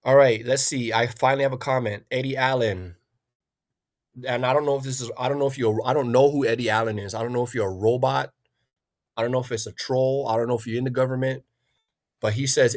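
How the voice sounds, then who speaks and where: A man's voice: medium pitch, fairly even intonation, fairly quick. A man hosting a livestream, ranting in an agitated, profane way and often repeating himself. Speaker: livestream host. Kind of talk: angry livestream rant.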